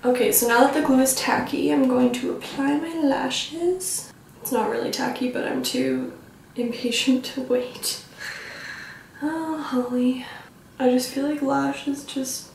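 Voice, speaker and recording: A young woman chats her way through a makeup tutorial, rambling with lots of filler and poking fun at herself. Her voice sits high, with a gravelly fry. She sounds a little away from the mic, in a very echoey room. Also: fairly even intonation, a little slow, a little mellow, far from the mic, a little hiss or hum. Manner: rambling, self-teasing, filler-heavy. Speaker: beauty vlogger.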